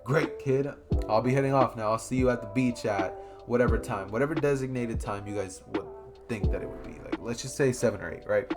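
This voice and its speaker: A man voicing an older male mentor hero who speaks in a low, measured, reassuring way. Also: natural voice. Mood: calm. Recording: guitar music playing behind.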